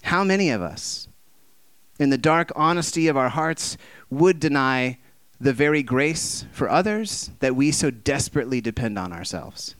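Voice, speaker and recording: A man's voice: lively intonation, normal speed, fairly bright tone, clear, resonant tone, dry recording. Man preaching a passionate sermon. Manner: impassioned, conversational, with rhetorical questions; acts out quoted voices with big swings in pitch and volume.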